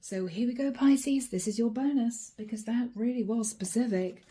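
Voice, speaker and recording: Woman, tarot reader, hoarse fading voice, raspy, husky, warm dark tone, soft-spoken. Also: a little high, normal speed. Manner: soft-spoken with whispered asides. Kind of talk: channeled tarot reading.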